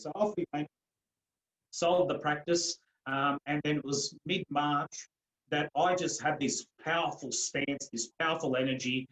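A man with a slightly high voice tells his own story as an interview guest, earnest and emphatic throughout. He tends to double up his words as he builds toward a point. The room around him adds a clear echo to every phrase. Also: unhurried, fairly bright tone. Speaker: guest, coach and mentor. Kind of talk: personal storytelling in a podcast interview.

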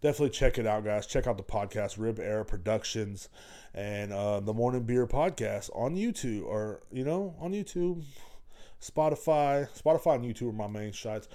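Mellow-voiced man ranting profanely. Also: lowish voice, normal speed. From Texas. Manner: profane, rambling and blunt. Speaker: podcast host. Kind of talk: casual solo podcast rant.

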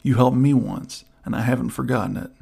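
A man reading the part of a gruff, gloomy old outlaw who offers hushed help. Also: medium pitch, brisk, exaggerated voice. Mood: low urgent. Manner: rough, hushed, conspiratorial. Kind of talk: audiobook character voice.

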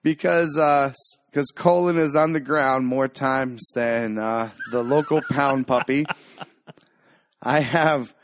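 A man's voice: mid-range voice, steady tone, slow pace, a little hiss or hum. A man hosting a podcast in casual chat, rambling and tripping over his words, swearing freely as he jokes. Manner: rambling, stumbling over words, profane joking. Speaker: podcast host.

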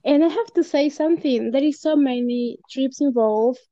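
Recorded with no room sound and the highs cut off, a podcast guest from Peru shares a personal story through her home mic. She speaks at normal speed in a high voice, laughing frequently and filling her casual chat with fillers.

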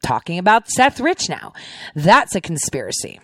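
A woman's voice: fairly low pitch, wildly swooping pitch, moderate pace, fairly bright tone, breathy edge, dry recording, clean studio sound. A woman hosting a show and giving political commentary on played clips, in a sarcastic way full of rhetorical questions. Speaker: podcast host.

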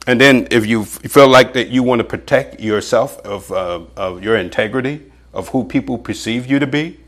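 A man preaching a sermon in an animated way, with chuckles and measured scripture readings. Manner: animated, pitch jumps for emphasis, chuckles often; reads scripture aloud in an old-fashioned, measured cadence.

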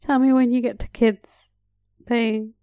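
A woman casually reacting to a period drama she is watching, wry and chatty and quick to laugh. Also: on the high side, flat delivery, clear, resonant tone, no room sound, muffled recording.

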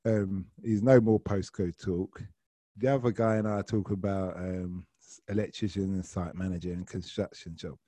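A man's voice: sits low, steady tone, moderate pace, dark tone, dry recording. Give me a casual London man telling a story from his driving shifts, dry and close. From South London. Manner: casual, slangy. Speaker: ride-hail driver. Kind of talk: anecdotal storytelling.

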